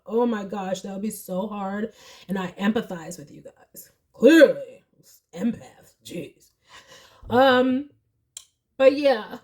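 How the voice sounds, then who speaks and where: A young woman giving a casual tarot reading to camera, emotional and chatty, turning tearful, her voice swinging from soft and low to high and loud. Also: slow. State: tearful, crying at times. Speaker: tarot reader.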